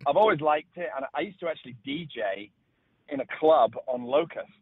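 A man's voice: a little high, a little fast, vocal fry, breathy edge, no echo. A middle-aged man with a northern English accent from Leeds, telling stories as a radio interview guest. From England. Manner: relaxed storytelling with restarts. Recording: phone line.

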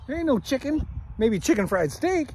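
A man's voice: very high voice, big pitch swings, moderate pace, darkish tone, a little hiss or hum. A man talking casually outdoors for his vlog, coaxing and giving directions. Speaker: vlogger. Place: outdoors on a rural property.

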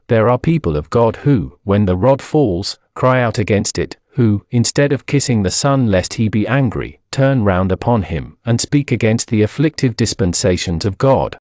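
A man reading an old sermon aloud in a solemn, measured preaching cadence. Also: fairly low pitch, animated, a little mellow, no echo, studio quality. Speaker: sermon reader.

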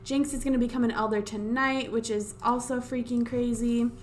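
Woman streamer type, fairly high voice, casual exasperated gameplay chatter, desk mic at home with faint hiss. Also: little pitch movement. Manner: exasperated, talking to the game characters, many drawn-out wows. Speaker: let's play host. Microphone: desk USB microphone.

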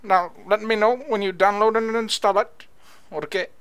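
A man doing a smooth-talking scam caller. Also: sits high, steady tone, normal speed, a bit bright. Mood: coaxing. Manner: formal, coaxing sales patter. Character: scam tech-support phone caller, smooth and persuasive.

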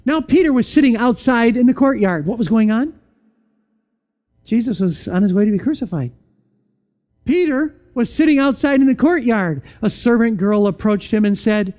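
With lively intonation and a normal speaking speed, a pastor preaches in church, rattling off rhetorical questions and occasionally going quiet and low to make a point land.

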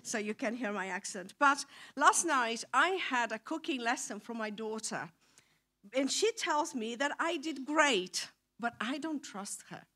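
A woman's voice: on the high side, animated, a little slow, pushed and bright. A middle-aged woman from Brazil with a Brazilian accent, giving a playful, coaxing children's talk in church. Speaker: visiting mission speaker. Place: church hall.

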